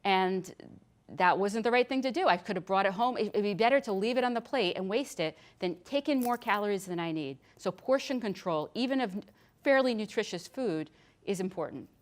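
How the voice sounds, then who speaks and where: A middle-aged woman nurse practitioner gives a chatty, practical health lecture in a hospital lecture room, often restarting her sentences. Her voice is medium in pitch, animated and a little fast.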